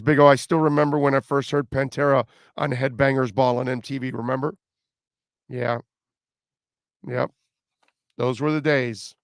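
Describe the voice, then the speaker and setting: A man's voice: mid-range voice, vocal fry, a bit bright, no room sound, studio quality. A man hosting a sports radio show, talking casually with fillers and repeated words.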